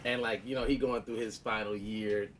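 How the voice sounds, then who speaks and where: A man's voice: lowish voice, flat delivery, normal speed, fairly bright tone, slight background noise. A man in his thirties, a podcast co-host, telling a story in casual chat and laughing often, with a sore knee.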